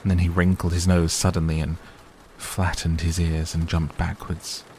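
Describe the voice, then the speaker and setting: A man softly and gently reading a bedtime story aloud as narrator. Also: sits low, flat delivery, normal speed, slight background noise. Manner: gentle, hushed. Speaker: audiobook narrator. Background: soft rain sounds.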